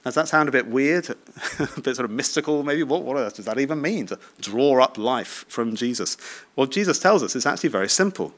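A man's voice: medium pitch, lively intonation, brisk. A man in his thirties preaching a sermon in a conversational way, often asking the listeners short tag questions and laughing lightly.

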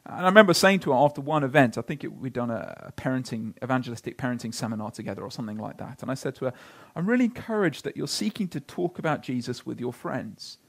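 A pastor preaching a sermon, telling stories earnestly and slowing down to read scripture. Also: male voice, mid-range voice, animated, creaky, husky.

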